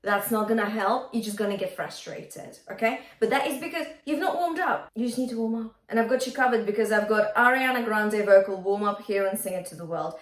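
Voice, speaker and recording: A woman's voice: mid-range voice, a little fast, few pauses. Upbeat woman vocal coach, roomy sound. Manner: upbeat, encouraging, checks in with "okay?". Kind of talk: singing lesson to camera.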